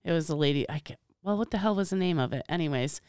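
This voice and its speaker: Woman podcast co-host, lowish smooth voice, chatty storyteller, dry close mic. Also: quick pace, darkish tone, no echo. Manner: chatty storyteller, laughs often. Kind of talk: casual chat.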